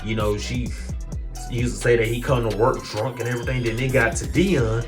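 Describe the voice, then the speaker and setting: A young man spins a workplace story for his viewers in a loose, casual way. He talks in a mid-range voice and jumps into higher voices to mimic his coworkers. Faint music plays underneath. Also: normal speed. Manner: animated, mimics coworkers in a raised voice. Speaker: storytime vlogger.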